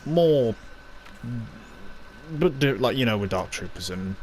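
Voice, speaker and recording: A man's voice: medium pitch, expressive, takes it slowly, a little mellow, soft background music. A man giving a casual, rambling spoken review, recapping scenes with lots of fillers and little acted-out quotes.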